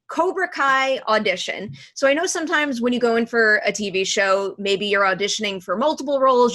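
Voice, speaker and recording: A woman's voice: on the high side, fairly bright tone. A woman interviewer asking questions in a friendly, conversational way.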